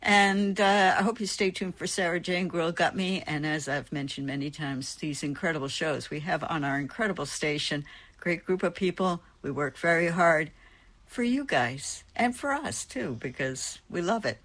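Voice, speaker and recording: A woman's voice: sits low, moderate pace, fairly bright tone. A woman hosting a music radio show, back-announcing records in a chatty, enthusiastic way with little asides.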